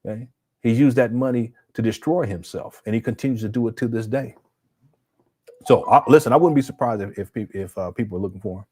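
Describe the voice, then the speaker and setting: A man's voice: medium pitch, brisk, a little mellow. A man hosting a casual live stream, talking off the cuff, stumbling over and repeating words as he reacts to viewer comments. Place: home setup.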